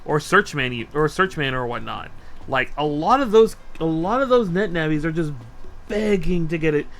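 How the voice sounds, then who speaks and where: A man streaming casually as he builds a model kit. He rambles, asks himself questions and counts steps out loud while he works. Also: on the high side, animated, normal speed. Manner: easily sidetracked, lots of restarts and rhetorical questions.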